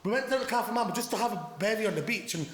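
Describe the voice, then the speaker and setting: A man's voice: high-pitched, animated, rapid-fire. A young Scottish man hosting a podcast in casual chat, swearing freely and laughing through his stories. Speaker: podcast host. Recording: roomy with long reverb.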